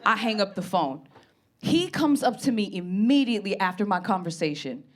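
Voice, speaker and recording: A woman comedian telling stories in a brash, animated stand-up set. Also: medium pitch, normal speed.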